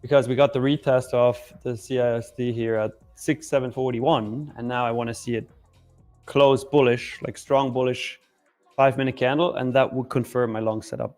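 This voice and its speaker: A man's voice: medium pitch, fairly even intonation, moderate pace, darkish tone, faint music behind. A man co-hosting a live trading stream, explaining his setups plainly and urging viewers to like and subscribe. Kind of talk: casual live-stream chat and viewer callouts.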